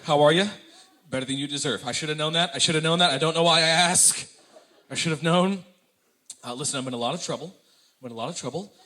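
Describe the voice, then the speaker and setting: A man's voice: fairly high pitch, fast talker, long pauses, bright, forceful tone, voice pushed down. A man voicing a desperate radio caller who pleads and rambles, breathing heavily.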